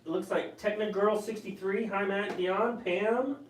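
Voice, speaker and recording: A man's voice: sits high, steady tone, measured pace, a little hiss or hum. Male co-host, upbeat comment reader, echoey space, mic set back. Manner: reads comments aloud, chipper and enthusiastic. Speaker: co-host reading viewer comments. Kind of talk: live stream chat. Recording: echoey room, mic a bit far.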